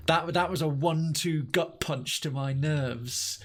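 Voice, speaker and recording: A chatty male game streamer with a voice that sits a little high for a man, talking into a desk mic over faint game music. He trips over his words and starts sentences again, and he jumps and exclaims easily. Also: measured pace. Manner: chatty, excitable, stammers and restarts. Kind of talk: live let's-play commentary.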